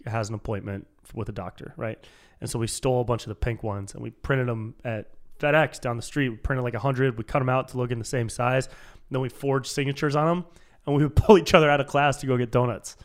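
A man's voice: medium pitch, clear, resonant tone. Rambling male podcast host. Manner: rambling storyteller, lots of "like" and swearing. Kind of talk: casual podcast chat.

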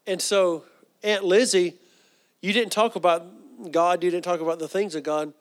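A man's voice: high-pitched, steady tone, normal speed. A man preaching a sermon, telling stories earnestly with frequent fillers.

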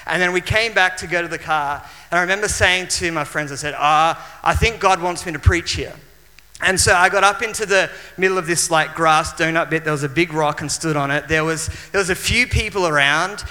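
An Australian man preaching in a church hall, his fairly high, very bright and piercing voice ringing out with a long reverb. He tells his story in an animated way, often restarting his sentences. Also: fairly quick. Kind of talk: sermon with personal storytelling.

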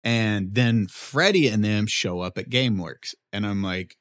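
A man in his thirties telling a story in casual chat, animated, acting out quotes in a raised voice, swearing and laughing often. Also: fairly low pitch, measured pace. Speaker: podcast co-host telling a story.

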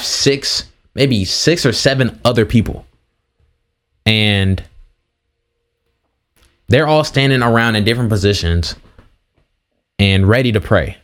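A young man hosting a podcast, casually retelling a personal story with slangy asides and frequent restarts. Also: medium pitch. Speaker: podcast host.

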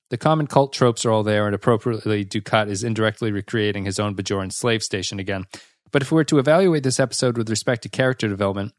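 A man's voice: fairly low pitch, no room sound, clean studio sound. A man co-hosting a podcast, critiquing an episode in casual chat with a wry, sarcastic edge. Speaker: podcast co-host.

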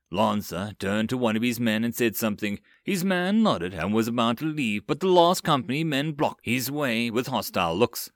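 Expressive male audiobook narrator. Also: mid-range voice, moderate pace, hardly any pauses, no room sound, clean studio sound. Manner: expressive storytelling. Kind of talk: web novel audiobook narration.

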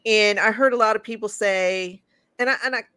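Female co-host, mid pitch, halting and emotional delivery, dry close sound. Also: bright, forceful tone, clean tone, no room sound. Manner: emotional, halting, repeats words. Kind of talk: casual podcast chat.

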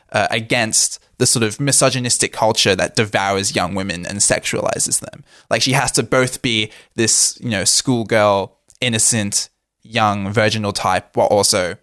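A man's voice: on the low side, a bit bright, no room sound, clean studio sound. A man co-hosting a podcast, talking in a thoughtful, reflective and slightly formal way. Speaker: podcast co-host. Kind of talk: casual chat.

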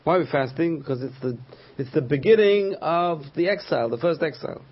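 Male rabbi, husky voice, storytelling lecture that acts out quotes; lo-fi recording. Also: on the high side, fairly quick. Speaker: rabbi teaching a class. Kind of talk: Torah class lecture.

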